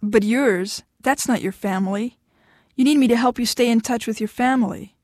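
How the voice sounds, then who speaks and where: A woman's voice: on the high side, moderate pace, a little mellow, no echo, clean studio sound, natural voice. A woman voicing an insistent, possessive husband from Mexico in an audiobook, pleading and turning tearful. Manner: insistent, wheedling, turns tearful. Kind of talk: audiobook dialogue.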